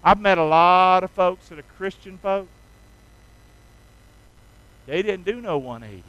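A man with a strikingly high, smooth voice preaches an energetic sermon. He calls on the congregation to repeat after him in a folksy, emphatic style. The sound is close and dry. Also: measured pace, no echo, lo-fi sound. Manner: energetic call-and-response with the congregation. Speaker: pastor.

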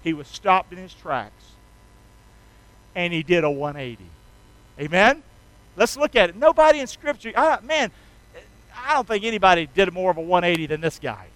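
A man's voice: sits high, sing-song, moderate pace, pauses often, a bit bright, no room sound, poor audio. A man preaching a sermon in a folksy, emphatic way, drawing the congregation into call-and-response. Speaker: pastor.

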